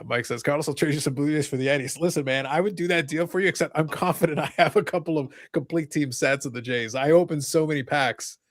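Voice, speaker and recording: A man hosting a casual live podcast, reading viewer comments and getting excited as he chats. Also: a little high, no room sound, studio quality. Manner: fast, excitable, reads viewer comments aloud. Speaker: podcast host.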